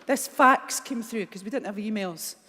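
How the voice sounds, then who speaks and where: A middle-aged Scottish woman giving a keynote speech, telling blunt, animated stories and acting out the dialogue. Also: medium pitch, normal speed, husky. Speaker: keynote speaker. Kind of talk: motivational keynote storytelling. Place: large conference hall. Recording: long hall reverb.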